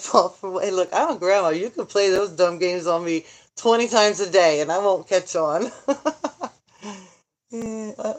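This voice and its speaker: A middle-aged woman chatting casually on a livestream, joking, rambling and answering viewer comments as she goes. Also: medium pitch. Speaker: vlogger, grandmother. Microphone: phone.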